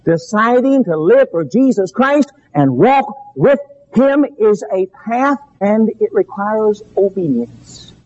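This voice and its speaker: A male preacher with a high, lively voice that leaps up and drops low as he drives home each point. He delivers a fervent, emphatic sermon full of dramatic pauses. The recording sounds dull and lo-fi.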